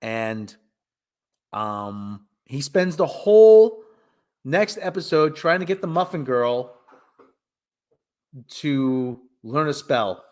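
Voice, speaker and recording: A man's voice: mid-range voice, lively intonation, takes it slowly, long pauses, darkish tone. A man hosting a casual comedic podcast, riffing and mocking characters in put-on voices. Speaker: podcast host.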